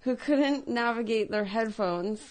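A woman's voice: a little high, a little slow, a little mellow. A woman guest on a comedy talk show, telling stories in a chatty way. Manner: chatty storyteller. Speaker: studio guest.

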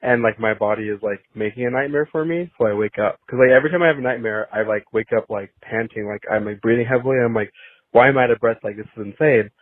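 A man's voice: medium pitch, fast talker, no echo. A man leaving a call-in voicemail, rambling and filling his talk with "like". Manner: rambling, heavy use of filler "like". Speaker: caller. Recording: tinny phone line.

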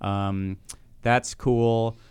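A man co-hosting a podcast in casual chat, excitable and laughing often, tripping over his words. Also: mid-range voice, extremely slow, clear, resonant tone, no room sound. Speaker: podcast co-host.

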